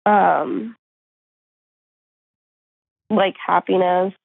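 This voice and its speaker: Woman caller, slow and hesitant, kinda gravelly, phone-line sound. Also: fairly low pitch, fairly even intonation, no echo. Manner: hesitant, brief answers. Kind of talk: phone call to an advice show.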